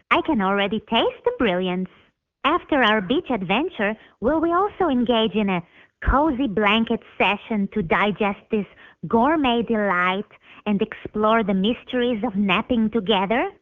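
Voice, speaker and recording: A woman's voice: fairly high pitch, expressive, normal speed, no room sound, phone-quality sound. A synthetic female voice playing a chatty, grandiose female dachshund with flowery, mock-formal wording.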